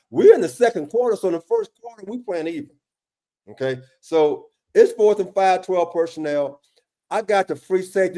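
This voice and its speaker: Man in a casual football film breakdown, higher-pitched with a warm mellow tone, emphatic and exasperated, restarts often. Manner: emphatic, exasperated questioning, often addresses co-host by name; frequent restarts and repeated words. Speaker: football defensive analyst.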